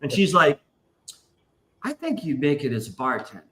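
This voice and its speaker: A man tells a long story on a live stream in a loose, profane way, acting out other people's lines. His voice is very bright and forceful and sits a little high. The sound carries a roomy echo. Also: sing-song, normal speed. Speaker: podcast host. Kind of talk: casual storytelling chat.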